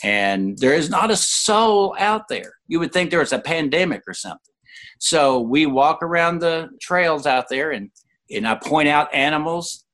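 Older man telling animated stories. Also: unhurried. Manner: animated, voices other people in quotes with sudden pitch jumps. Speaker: interview guest. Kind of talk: conversational personal storytelling.

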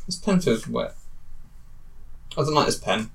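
A man's voice: medium pitch, sing-song, measured pace, background noise. A man playing a casual quiz with friends, thinking aloud and unsure of his answers. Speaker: quiz contestant. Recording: distant from the mic.

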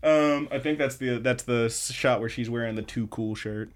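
Man casually recapping episodes. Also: medium pitch. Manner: chatty storytelling, quoting characters in quick bits; loose, with frequent fillers and swearing. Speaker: podcast host.

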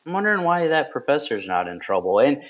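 A man's voice: mid-range voice, big pitch swings, quick pace, muffled recording. A man co-hosting a podcast in casual chat, telling stories in a wry way. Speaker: podcast co-host.

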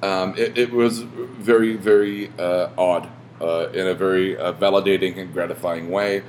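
Low-voiced guy hosting his podcast, rambly, lots of ums and restarts, cusses when he gets going. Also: normal speed, a little hiss or hum. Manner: rambling, self-interrupting with many fillers and restarts; swearing, animated when retelling stories. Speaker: podcast host. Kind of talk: casual podcast monologue.

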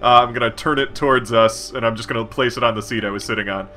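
A man at a tabletop game who talks through his character's moves with an animated, bright voice. He speaks in the first person and walks step by step through what he does. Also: medium pitch, fast talker. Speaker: player. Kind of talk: tabletop role-play.

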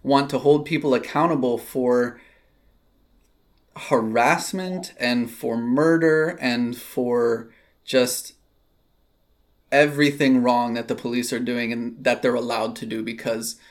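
A man hosting a casual conversation, reflective, with soft backchannels and pointed questions. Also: medium pitch, a little slow.

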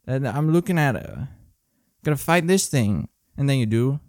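A man's voice: mid-range voice, animated, moderate pace, a little mellow, no echo, clean studio sound. A man hosting a solo podcast, ranting sarcastically and profanely in a grumpy way. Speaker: podcast host.

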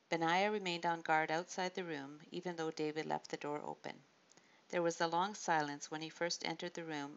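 Woman audiobook narrator, low voice, steady reading, dull lo-fi track. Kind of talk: scripted narration.

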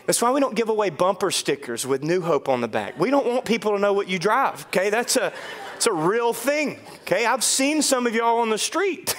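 Male pastor, high voice, lively sermon delivery, playful quick asides, slow emphatic lines. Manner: animated, joking, swings between quick asides and slow emphatic phrases.

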